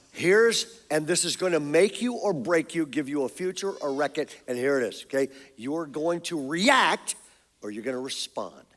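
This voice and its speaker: A middle-aged man preaching a sermon on a church stage, joking with the crowd and firing quick questions at it. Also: on the high side. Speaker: pastor. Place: church stage before an audience.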